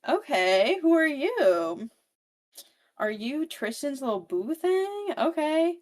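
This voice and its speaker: A woman's voice: high voice, sing-song, takes it slowly, a little mellow, voice pushed up, exaggerated voice. A woman voicing a giddy, tipsy young heroine in a bubbly, sing-song way.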